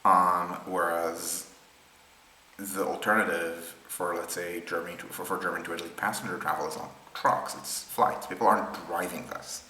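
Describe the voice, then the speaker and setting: A man with a low yet bright, cutting voice talks through rail maps off the cuff. He pauses often with ums and restarts sentences as he thinks. The sound is roomy, with a faint hum of ambience behind him. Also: steady tone. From Israel. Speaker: presenter explaining rail maps. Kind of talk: unscripted screen-share explainer.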